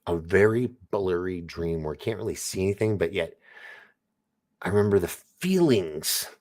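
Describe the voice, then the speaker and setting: A man's voice: sits low, expressive, normal speed, a little mellow. A man hosting a live online show, chatting casually, reading viewer comments, and rambling with frequent restarts and laughs. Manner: rambling, self-interrupting, laughs often. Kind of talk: casual live-stream chat.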